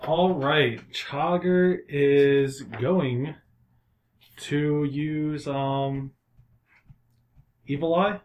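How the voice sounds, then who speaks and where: A man's voice: a little high, fairly even intonation, extremely slow, long pauses, muffled recording, a little hiss or hum. A man playing a tabletop game, casually explaining his character's abilities with fillers. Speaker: player.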